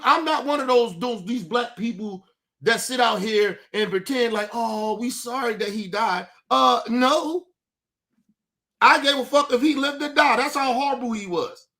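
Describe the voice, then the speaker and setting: A man's voice: very high-pitched, sharp tone. A male streamer hosting his show, ranting in a profane, combative and taunting way. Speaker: host. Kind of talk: livestream commentary rant.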